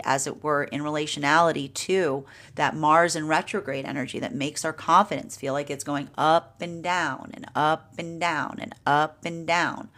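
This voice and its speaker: A woman giving a live tarot reading, talking through spiritual energy with frequent "right?" tags and playful acted-out inner dialogues. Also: low voice. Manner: animated, laughing, plays out inner dialogues. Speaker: tarot reader.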